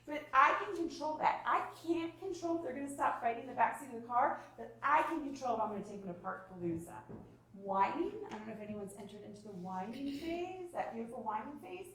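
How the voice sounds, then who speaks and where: A woman presenting a parenting workshop to a live group, her voice fairly high and lively as she acts out little exchanges. The recording is very echoey and picked up from a distance. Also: fairly quick. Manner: animated, acts out parent and child lines. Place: room with live audience. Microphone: distant room mic. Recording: echoey room from far off.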